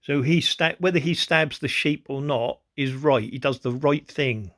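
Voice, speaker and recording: This conspiracy video host has a medium-pitched, fairly bright voice and a measured pace. He rambles through commentary over video clips, repeats himself again and again, and urges viewers to look, peppering his talk with "look" and "you know what I mean."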